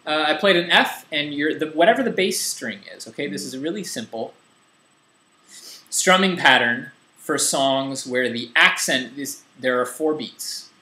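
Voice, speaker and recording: A young man casually teaching a guitar lesson in a relaxed, rambling, self-deprecating way, with guitar strumming behind him. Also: fairly high pitch, measured pace. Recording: echoey room with loud guitar.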